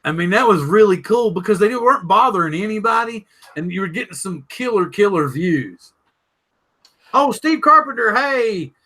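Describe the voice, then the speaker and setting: Southern guy hosting a drone stream, talks high and bright, rambles and cracks jokes. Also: animated, normal speed. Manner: rambling, joking, reads chat aloud. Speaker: podcast host. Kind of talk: live-stream chat.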